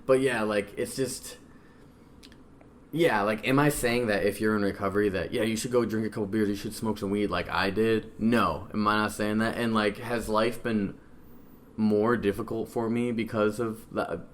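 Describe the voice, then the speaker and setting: A man's voice: fairly low pitch, steady tone, normal speed, a little hiss or hum. A young man with a Midwestern American accent, talking as a podcast guest in a loose, rambling way full of slang and swearing. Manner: rambling, slangy and profane, keeps saying bro; drinking beer while talking. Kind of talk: casual conversation.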